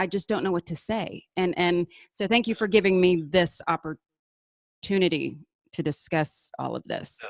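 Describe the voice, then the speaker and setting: A woman's voice: fairly low pitch, no echo, studio quality. A woman hosting an interview show, talking casually and earnestly with many restarts. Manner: eager, restarts often, earnest. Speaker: show host.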